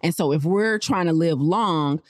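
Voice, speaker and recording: Chatty woman podcaster, animated storyteller. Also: fairly low pitch, a little slow, dry recording, clean studio sound. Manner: chatty, animated storyteller who laughs often; addresses listeners directly in slangy speech. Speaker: podcast host. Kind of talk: casual health talk with personal stories.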